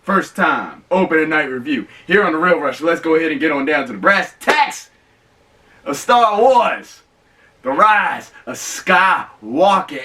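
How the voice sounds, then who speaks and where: A man with a high, bright voice hosts a movie review vlog, swinging his pitch widely as he stretches words out for emphasis. His slangy, emphatic talk comes from a mic set a little away from him. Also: distant mic. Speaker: host of a movie review show.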